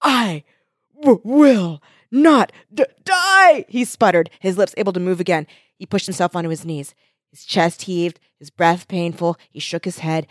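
A woman's voice: on the low side, fairly even intonation, normal speed, no room sound, clean studio sound. A woman co-hosting a casual book discussion who laughs easily and reads passages aloud.

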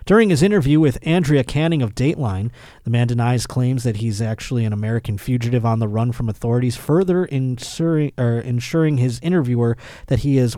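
A man's voice: mid-range voice, fairly quick, warm tone, no room sound. Joking podcast host man, dry studio. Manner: joking, riffing on news stories, laughs often. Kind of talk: comedic podcast chat.

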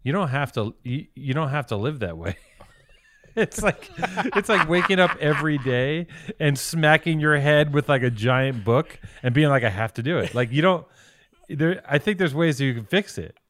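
A man's voice: on the high side, lively intonation, normal speed, fairly bright tone. A man co-hosting a podcast in casual chat, teasing and lecturing with profane jokes. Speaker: podcast co-host.

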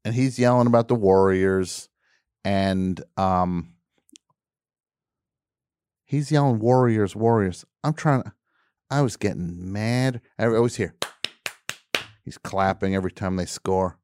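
A male radio call-in show host with a lowish, slightly mellow, clear, resonant voice launches into a comedic, grumbling rant, telling the story with exasperated mock outrage in a loose, conversational way. He speaks slowly and pauses often. The studio sound is dry and close-miked, with no echo.

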